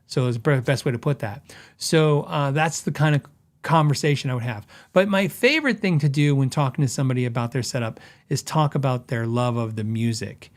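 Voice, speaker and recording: A middle-aged man hosting a podcast, talking casually and conversationally, often correcting himself and quoting customers in quick asides. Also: mid-range voice. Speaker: podcast host; guitar repair tech.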